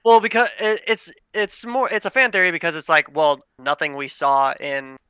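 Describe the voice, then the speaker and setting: Guy w a really sharp crisp voice, dry close mic, hyped fan rambling with lots of uhs. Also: on the high side, fairly even intonation, moderate pace, no echo. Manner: enthusiastic fan, many uh fillers. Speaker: podcast co-host. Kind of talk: casual gaming podcast chat.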